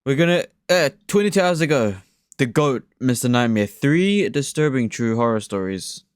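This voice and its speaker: A young man vlogging in a casual, joking way into a desk microphone. His voice is smooth and resonant, and the sound is close and dry with no room echo. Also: mid-range voice, lively intonation, moderate pace. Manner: playful, joking, testing mic effects. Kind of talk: casual chat. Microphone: desk USB microphone.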